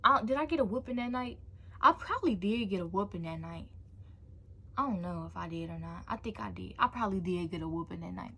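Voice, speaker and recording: A woman's voice: medium pitch, expressive, a little fast, gravelly, pushed and bright, husky. A young woman tells a personal story on her vlog with loose, slangy energy. She sprinkles in casual asides as she goes, and her voice sits in a middling register. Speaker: vlogger.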